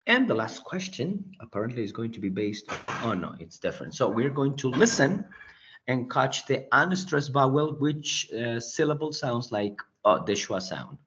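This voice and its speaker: A man runs an English class online, talking students through a quiz in an explanatory way and repeatedly checking in with "right?". His medium-pitched voice swings widely in pitch at normal speed. The dull, lo-fi computer-mic recording from the video call has background noise.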